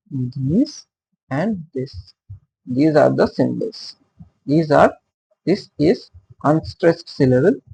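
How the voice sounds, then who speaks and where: Slow, lively, gravelly-voiced male teacher. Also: fairly high pitch, rough recording. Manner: halting, many fillers and rhetorical questions. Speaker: literature teacher. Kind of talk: casual classroom-style explanation.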